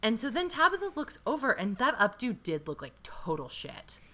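A woman co-hosting a casual show recap, animated and swearing freely with quick asides. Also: fairly high pitch, crowd noise. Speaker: podcast co-host.

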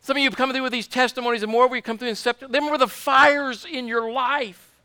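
A man's voice: very high voice, steady tone, fast talker, pushed and bright, clear, resonant tone, dry recording. A man preaching a fervent sermon, repeating his points and asking the congregation for amens. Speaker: pastor.

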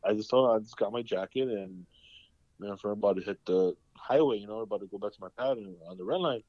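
Low-voiced man rambling through a story. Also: quick pace, dry recording. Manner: rambling, profane, full of fillers. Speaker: podcast host. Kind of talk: casual storytelling chat. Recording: dull lo-fi dry sound.

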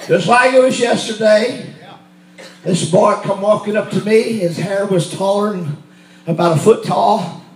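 High-voiced preacher in an echoey church. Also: male voice, a little slow. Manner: storytelling, rising to shouts. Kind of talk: sermon testimony. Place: church sanctuary.

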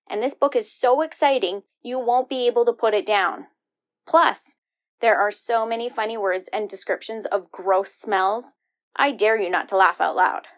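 A woman hosting a library podcast, reading cheerful scripted book recommendations for children. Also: on the high side.

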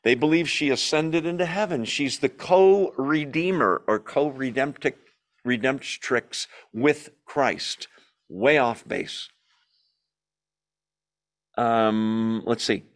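A man leading a Bible study, reading scripture aloud and commenting in a lively, emphatic way, often asking the group questions and answering them himself. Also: medium pitch, slow pace. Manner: emphatic, opinionated asides.

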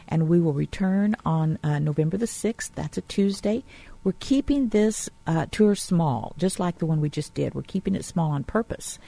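Gravelly-voiced enthusiastic woman guest. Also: fairly low pitch, warm tone, no room sound. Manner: enthusiastic, chatty. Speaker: tour manager, guest. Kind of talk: radio interview.

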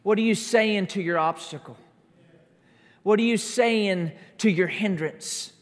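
A man preaching a sermon, emphatic, stacking repeated declarations that build up to shouts during a church service. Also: high-pitched, unhurried. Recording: long reverb of a large hall.

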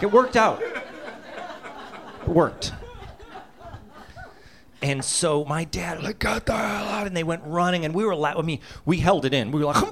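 A man's voice: a little high, a little hiss or hum. A man in his fifties from Massachusetts telling a comic childhood story, laughing through his lines and acting out voices and sound effects. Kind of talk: comedic personal storytelling.

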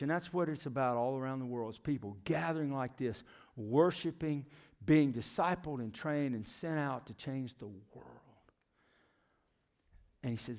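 A man's voice: medium pitch, normal speed, darkish tone. A middle-aged man preaching a sermon. He questions the congregation and often drops to a near whisper. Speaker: preacher, former youth minister and missionary.

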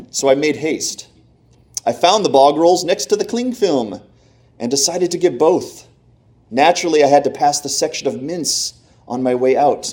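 A man's voice: on the high side, a little mellow, natural voice. An American man putting on a clumsy mock-English storyteller. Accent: attempted English accent. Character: man telling a mishap tale in a mock British accent. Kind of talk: read-aloud story in a put-on accent.

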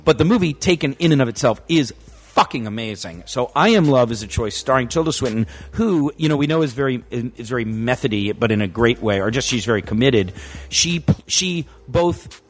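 Animated rambling male podcast host. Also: mid-range voice, a little fast, slightly rough. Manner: rambling, animated, self-correcting. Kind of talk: casual chat.

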